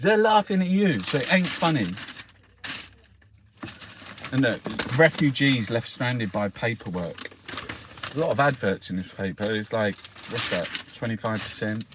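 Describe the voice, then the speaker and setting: A man's voice: mid-range voice, expressive, a little slow, long pauses, noisy background. A middle-aged man, ranting in angry, heavily sworn commentary as he reviews the newspapers. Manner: angry, sweary, heated rant.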